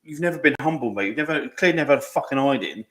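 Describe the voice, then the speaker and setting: A man's voice: medium pitch, animated, racing, a bit bright. A man, co-hosting a podcast, ranting in sweary casual chat and calling everyone mate. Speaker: podcast co-host. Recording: roomy echo.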